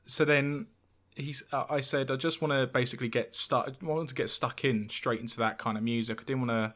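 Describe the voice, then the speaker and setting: A man's voice: fairly low pitch, a bit bright. A man of twenty-one, a podcast co-host, telling a story in casual chat with many fillers and restarts.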